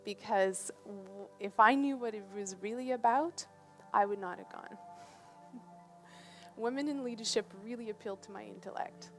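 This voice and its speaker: A woman gives a presentation aboard a ship and tells a personal story in a relaxed, conversational way. She has a middle-range voice and often pauses to check in with her listeners. Faint music plays behind her. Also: mid-range voice.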